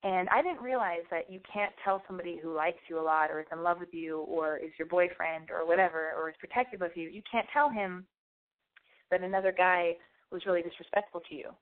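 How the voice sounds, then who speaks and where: A young woman telling a rambling personal story in a blunt, profane, animated way, her voice wearing out. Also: lowish voice, a little fast. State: losing her voice. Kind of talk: casual anecdote monologue. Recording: tinny phone-like sound.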